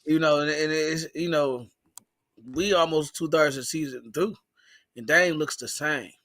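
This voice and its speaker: A man's voice: a little high, moderate pace, fairly bright tone, dry recording, clean studio sound. A man calling into a fan stream, rambling through frustrated casual sports talk.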